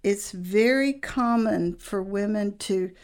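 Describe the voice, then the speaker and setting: Slow, earnest woman telling a story. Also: mid-range voice, a little mellow. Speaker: guest. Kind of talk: personal story on a Christian talk show.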